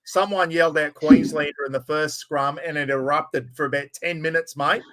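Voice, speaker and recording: Over some background noise, an Australian podcast host chats away in a blokey manner, calling people mate. His voice is a little high and steady, at a normal speed.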